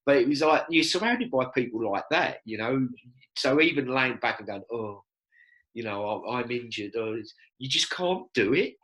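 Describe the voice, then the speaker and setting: A man, telling lively stories as a podcast guest and acting out quoted lines. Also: medium pitch, moderate pace, low-quality recording. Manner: animated storyteller, acts out quotes. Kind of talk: casual storytelling chat.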